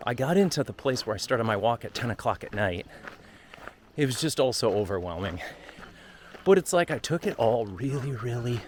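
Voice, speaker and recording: A man's voice: mid-range voice, expressive, moderate pace. A man vlogging outdoors while on a long walk, talking candidly and emotionally in a rambling way into a handheld phone. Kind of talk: casual travel vlog talk. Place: outdoors on a walking trail.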